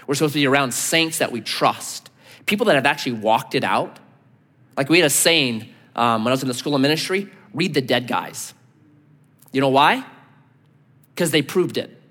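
A man preaching as pastor, telling stories with animated delivery and acting out the people he quotes. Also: medium pitch, normal speed. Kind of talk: sermon. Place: church sanctuary. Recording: long hall reverb.

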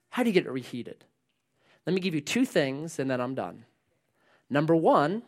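A man preaching a sermon, animated, swinging between loud emphasis and hushed lines and asking the congregation questions. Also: high voice. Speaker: pastor.

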